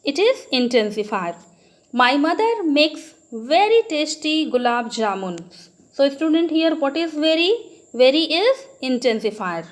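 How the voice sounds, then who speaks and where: Slow, high-voiced Indian woman teacher. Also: big pitch swings. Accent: Indian English. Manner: repeatedly addresses students and asks then answers her own questions. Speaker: school teacher. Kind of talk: classroom grammar lesson.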